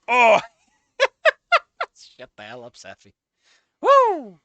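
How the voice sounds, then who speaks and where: Lively bright-voiced exasperated woman commentator. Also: extremely slow, dry recording. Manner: exasperated, swears freely, yells at characters; laughs often, trails into low mutters. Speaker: fanfic reader and commentator. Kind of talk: casual reaction commentary.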